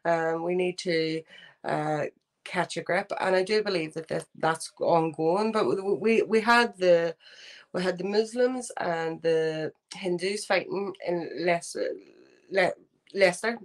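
A woman with a Belfast accent answers interview questions in a somewhat low voice. She is earnest and halting, with frequent ums and restarts as she builds her point. She sounds middle-aged and speaks with steady conviction. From Northern Ireland. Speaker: guest. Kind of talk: remote interview.

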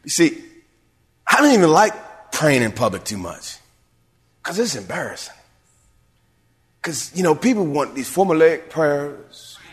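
A man's voice: fairly high pitch, sing-song, a little slow, long pauses. A man, a pastor, preaching a sermon to his church, building to emphatic calls and asking the congregation if they hear him. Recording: long reverb of a large hall.

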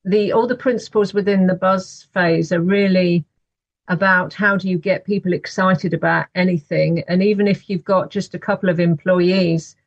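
A woman, an author, answering interview questions in a measured, thoughtful way. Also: on the low side, steady tone, no room sound, dull audio. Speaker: author guest.

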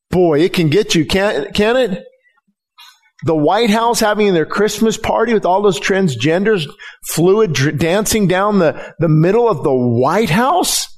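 A man's voice: high-pitched, lively intonation, unhurried. A middle-aged man preaching a sermon as pastor, emphatic and often repeating words as he presses his point.

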